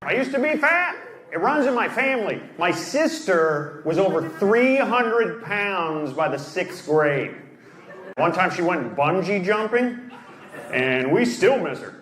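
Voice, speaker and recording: A man's voice: high voice, sing-song, a little slow, low-quality recording. A man doing a stand-up comedy set on a club stage, delivering dry one-liners and teasing the audience. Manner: crowd work, teasing the audience. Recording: loud noise over a live stage recording.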